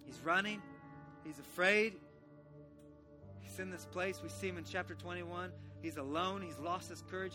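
A man preaching with a very bright, ringing voice that sits high in his range. He retells a Bible story animatedly, slipping into the voices of its characters. Faint music plays underneath. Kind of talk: sermon.

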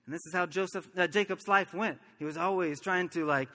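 Bright high-voiced man preaching. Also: fairly quick, big-room sound. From Oklahoma, USA. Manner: earnest storytelling with chuckles. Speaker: pastor. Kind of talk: sermon.

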